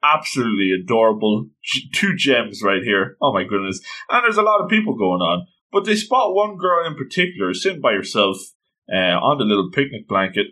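A man recaps an episode in a casual, gushing way and acts out the quotes as he goes. His voice is bright and forward, and his pitch swings widely. His pitch sits in the middle range. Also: sing-song, brisk, rough recording. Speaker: anime recap host.

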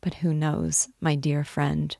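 A woman reading as an impassioned young woman, halting and pleading. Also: low voice, little pitch movement, vocal fry, warm tone, no echo, studio quality, heavily acted. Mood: tearful. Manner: pleading, halting, breaks off mid-sentence. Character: young woman, emotional, torn in love. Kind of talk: dramatic reading of a novel.

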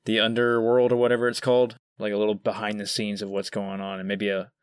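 A man co-hosting a casual podcast, talking in a relaxed, hedging way. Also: fairly low pitch, quick pace, clear, resonant tone, no room sound, clean studio sound. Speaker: podcast co-host. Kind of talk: casual chat.

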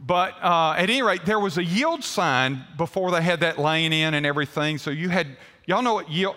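A man's voice: fairly high pitch, pushed and bright, big-room sound. An older man, preaching a sermon to his congregation in a folksy way and asking them questions. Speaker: pastor. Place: church sanctuary.

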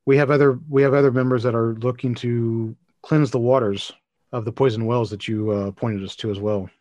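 A man voicing a solemn male elder who senses evil, in a tabletop role-playing game, speaking gravely and quietly. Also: medium pitch, steady tone, fairly quick, no echo, natural voice. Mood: measured.

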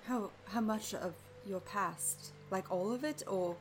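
A woman's voice: mid-range voice, measured pace, a crowd in the background. A woman playing a tabletop game in character, asking dry, sarcastic questions. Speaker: player.

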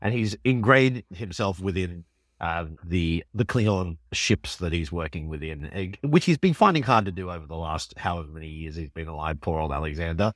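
A man, co-hosting a podcast and recapping an episode in an enthusiastic, animated way. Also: deep voice, moderate pace, no room sound, studio quality. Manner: enthusiastic, animated storytelling with laughs. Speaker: podcast co-host. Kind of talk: casual chat recapping an episode.

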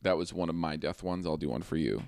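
A man co-hosting a comedy podcast, bantering playfully with deadpan asides. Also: rumbling low, quick pace, gravelly, no echo, clean studio sound.

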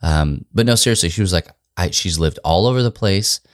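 A man in his thirties with a very deep voice that still swings lively up and down as he jokes. He co-hosts a casual chat, telling playful stories in a dry, close recording. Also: fairly quick, dry recording. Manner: joking, playful storyteller. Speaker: podcast co-host.

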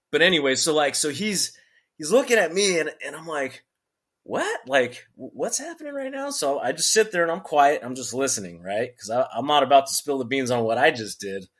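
A man's voice: fairly high pitch, brisk. A middle-aged man, a former Marine sergeant, telling a story in casual conversation and acting out the voices he quotes with laughs. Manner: animated, acts out quotes with laughs.

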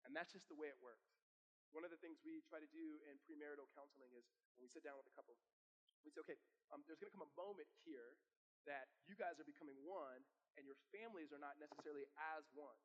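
A man's voice: on the high side, fast talker, lo-fi sound. A man preaching a live sermon as pastor in a church, talking conversationally and emphatically, often repeating words. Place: church sanctuary with long reverb. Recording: long hall reverb.

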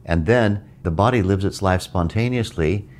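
A middle-aged man, a meditation teacher, giving a reflective spoken talk in a measured way, repeating phrases for emphasis. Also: low voice, a little mellow.

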